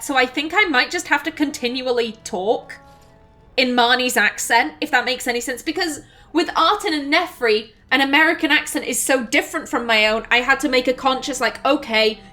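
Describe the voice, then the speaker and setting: A woman's voice: sits high, pushed and bright. A woman doing casual let's play commentary, chatty and thinking aloud as she plays.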